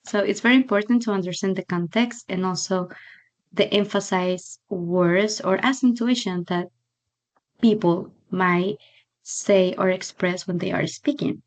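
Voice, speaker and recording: A woman's voice: medium pitch, measured pace. Chatty young woman teaching English. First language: Spanish. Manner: chatty, laughs often, fillers like "like" and "so". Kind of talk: online tutoring lesson.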